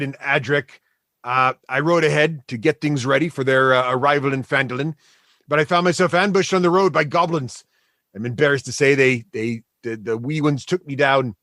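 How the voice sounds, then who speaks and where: A man's voice: on the high side, fairly bright tone, no echo, studio quality. A man voicing a male dwarf captive who tells his tale with a wry turn and hesitant fillers.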